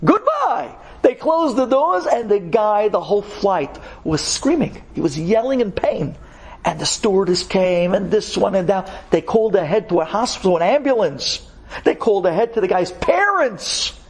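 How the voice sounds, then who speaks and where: Man, rabbi, dramatic storytelling, husky, high voice, emphatic. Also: moderate pace. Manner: animated, conversational, emphatic.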